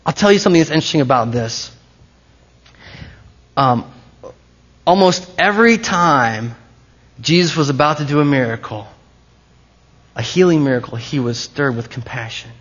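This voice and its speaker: A man preaching in a loose, conversational style, breaking off and restarting his sentences. His voice sits a little on the high side, and the recording sounds somewhat dull and lo-fi. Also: expressive, moderate pace, long pauses, a bit bright. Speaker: pastor. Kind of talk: sermon.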